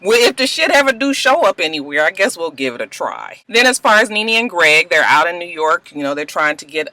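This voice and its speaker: A woman's voice: brisk, no room sound. A woman from Georgia, chatting casually and animatedly through a TV show review, swearing and laughing as she goes. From Georgia, USA. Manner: animated, swearing, laughing asides, big pitch jumps.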